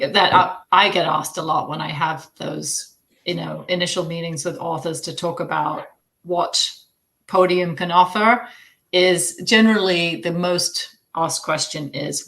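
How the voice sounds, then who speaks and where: Low-voiced woman on a video panel. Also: a bit bright. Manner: thoughtful, hesitant with fillers. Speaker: audiobook publisher panelist. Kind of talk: casual panel discussion. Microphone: video call.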